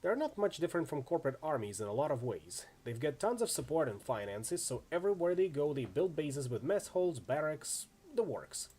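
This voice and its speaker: A man's voice: on the high side, very animated, brisk, few pauses, warm tone, slightly rough. A man voicing a brash, tough female mercenary in a game reading, telling stories in a chatty, wry way.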